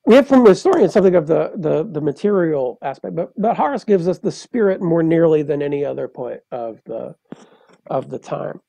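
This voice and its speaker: A man, a poet and translator, explaining in a measured, lecturing way on a podcast, with frequent hesitations. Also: fairly high pitch, animated, gravelly, mellow, no echo.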